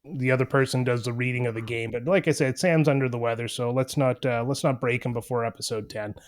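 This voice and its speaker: A man's voice: mid-range voice, fast talker. A man co-hosting a retro gaming podcast, chatting casually and joking with his co-host. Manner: relaxed, jokey, reads game summary from notes.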